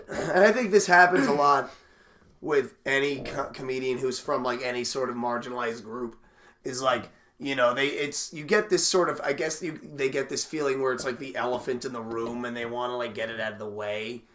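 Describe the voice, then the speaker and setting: A man's voice: mid-range voice, fairly even intonation, normal speed, sharp tone. Rambling young man co-hosting a podcast. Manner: rambling, self-interrupting, acts out quoted lines. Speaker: podcast co-host. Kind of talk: casual chat.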